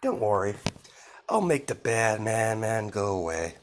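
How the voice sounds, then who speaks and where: Man putting on a creepy, calm young murderer; quiet, slow, a bit low. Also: slight background noise. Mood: quiet menace. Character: calm, menacing axe-wielding young male killer with glowing eyes.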